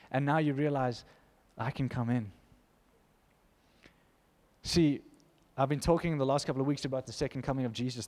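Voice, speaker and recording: A man preaching a sermon to his church, impassioned, swinging from loud to hushed. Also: mid-range voice. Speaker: pastor. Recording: long hall reverb.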